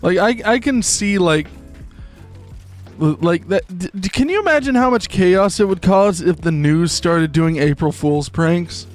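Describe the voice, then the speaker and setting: Unhurried and high-voiced, a young streamer keeps up casual, jokey chatter while gaming live. Soft music plays in the background as he rambles and trails into goofy voices.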